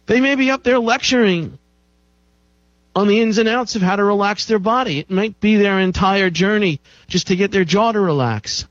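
Emphatic man with a higher voice, dry lo-fi. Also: normal speed, no echo. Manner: emphatic, repeats key phrases for effect. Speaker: show host. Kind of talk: health talk monologue.

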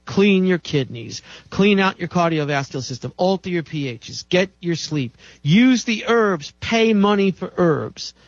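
Slow preachy man with a lively pitch. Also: no echo. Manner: preachy, emphatic, repetitive chanting lists. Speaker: natural health lecturer. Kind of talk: impassioned health lecture. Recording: dull dry recording.

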